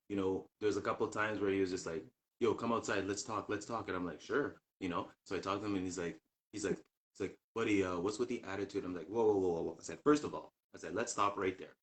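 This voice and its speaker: Man, casual chat. Animated storyteller who acts out old conversations, lowish voice. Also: quick pace. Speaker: co-host.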